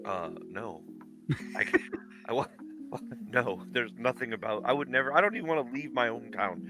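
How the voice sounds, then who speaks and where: Laid-back male podcast guest, self-mocking, mid-pitch voice on a busted mic, music clearly behind. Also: moderate pace. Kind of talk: casual chat. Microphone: broken podcast mic.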